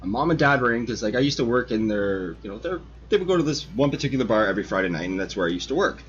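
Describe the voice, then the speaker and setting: A man telling stories with lots of swearing, his pitch swinging up and down as he acts out the moments. The sound is dull and lo-fi, like a home stream recording. He hosts the chat in a loose, casual way. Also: rapid-fire. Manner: profane, animated storyteller. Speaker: host of a model-building stream.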